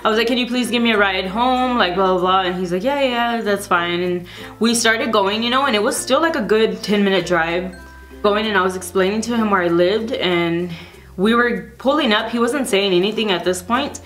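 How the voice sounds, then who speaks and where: A woman's voice: medium pitch, normal speed, fairly bright tone, soft background music. A young woman vlogger casually telling a storytime to camera, rambling with lots of fillers.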